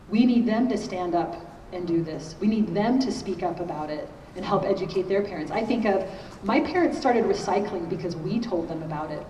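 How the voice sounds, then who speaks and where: With a mellow, medium-pitched voice and a fairly quick delivery, a middle-aged woman talks conversationally about parenting at a conference, often pausing to ask listeners "okay?". The setting is a large hall, recorded with echo, a distant microphone and faint noise.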